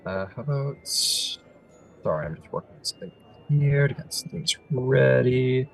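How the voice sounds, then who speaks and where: A man running a tabletop game as game master, talking casually with many pauses and fillers. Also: medium pitch, lively intonation, vocal fry, soft background music.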